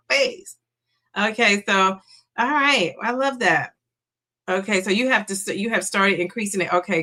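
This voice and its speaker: A middle-aged woman hosts a casual livestream, talking in a chatty, encouraging way as she reads out viewer comments and cheers people on. Her voice sounds bright and forward. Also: medium pitch. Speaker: livestream host.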